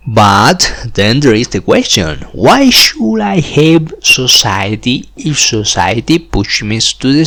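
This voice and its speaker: Young man in his twenties, unhurried, rambling delivery with swooping pitch. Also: a bit bright. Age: 20s. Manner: rambling, repeats "like", chuckles between phrases. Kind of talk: rambling monologue.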